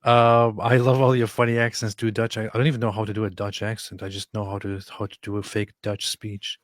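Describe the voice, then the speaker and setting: A man's voice: lowish voice, little pitch movement, fairly quick, no room sound. A man hosting a casual live stream, reading out viewer comments with dry quips. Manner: reads chat comments aloud, dry quips. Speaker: host.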